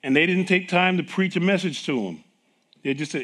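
A man's voice: high-pitched, a little fast. A middle-aged man preaching a sermon, telling stories with acted dialogue and frequent laughs. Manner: animated storytelling with acted dialogue, laughing often. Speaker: pastor.

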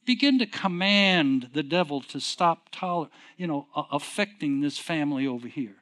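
A middle-aged man preaching a sermon in a conversational way, asking the congregation questions and swinging from quiet, low passages to emphatic, raised ones. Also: expressive, normal speed.

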